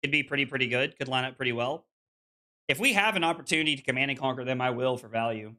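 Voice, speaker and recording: A man's voice: mid-range voice, fast talker, pushed and bright. A man streaming a card game, chatting casually with viewers and reading their messages aloud, with lots of fillers. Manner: chatty, full of "like" fillers, reads chat aloud.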